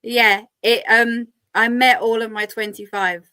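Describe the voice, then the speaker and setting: A woman guest in a casual interview, speaking slowly and softly, growing emotional as she recalls things. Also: a little high, fairly even intonation, smooth, no echo, studio quality. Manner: slow, soft-spoken, emotional.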